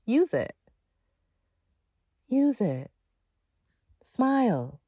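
A woman's voice: fairly low pitch, animated, moderate pace, darkish tone, no room sound. A woman giving a motivational monologue as a feminine energy coach, emphatic and casual, with slang and playful asides.

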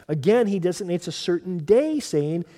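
A male pastor preaching a sermon in an earnest manner, repeating key phrases and dropping to soft emphasis. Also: high-pitched, big pitch swings, normal speed, big-room sound.

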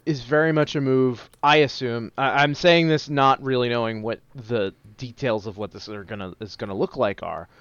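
A man's voice: medium pitch, normal speed, hardly any pauses, a bit bright, clear, resonant tone, no echo, dull audio. A man co-hosting a casual podcast chat, wry and sardonic. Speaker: podcast co-host.

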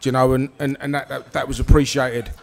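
A man's voice: medium pitch, flat delivery, fast talker, gravelly. A man, a former footballer telling a story on stage with many restarts and easy laughter. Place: live event with an audience.

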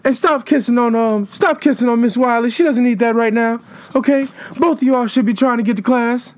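A fussy male school disciplinarian with an airy, breathless voice pitched far above a normal man's. He scolds in a prissy, drawn-out way, as a man puts him on. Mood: scolding.

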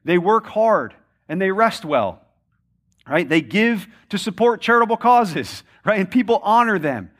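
Man, pastor, high voice, casual preaching, tag questions, rhetorical repetition. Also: very animated, a little slow, a bit bright. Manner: conversational preaching, frequent tag questions "right?". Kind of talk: sermon.

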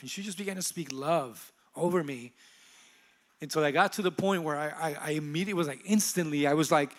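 A man in his thirties, a pastor, sharing a personal testimony on a church stage in an earnest, soft-spoken, halting way. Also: on the high side.

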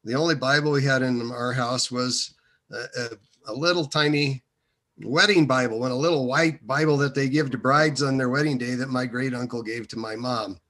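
A man telling a personal story in a hesitant, meandering way, with many pauses and fillers. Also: medium pitch, a bit bright.

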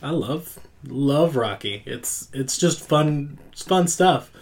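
A man's voice: a little high, lively intonation, takes it slowly, vocal fry. Male podcast co-host, dry and playful, casual movie talk. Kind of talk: casual movie review chat.

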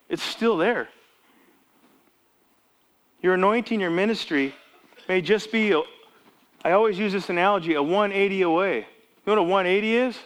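A man's voice: high-pitched, a bit bright. A man in his fifties or older preaching a casual sermon, telling Bible stories with many restarts and acting out the dialogue. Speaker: pastor.

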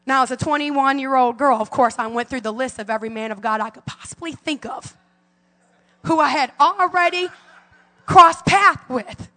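High bright-voiced woman preaching in a hall. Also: moderate pace. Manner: fervent preaching with call-and-response. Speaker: pastor. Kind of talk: sermon. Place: church sanctuary.

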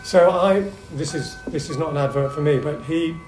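A middle-aged man speaking at a seminar, telling anecdotes in a lively but hesitant way, full of ums and restarts. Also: on the high side, normal speed, faint music behind. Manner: lively storyteller. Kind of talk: anecdotal talk to a seminar audience. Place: echoey meeting room. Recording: echoey room with faint hum.

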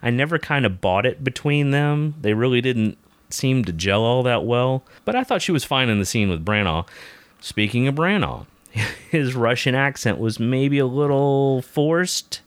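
Lively man hosting a movie chat, dry sound. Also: medium pitch, unhurried, clear, resonant tone, dry recording. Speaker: podcast host leading a movie review. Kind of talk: casual movie review chat.

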